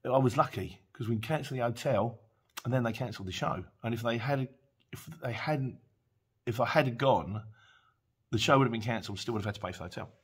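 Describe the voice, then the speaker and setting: A man's voice: medium pitch, a little fast, husky. A man, chatting casually as a courier driver who vlogs. He rambles, goes off on tangents, reads out viewer comments and laughs easily. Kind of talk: casual chat. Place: dim room at home.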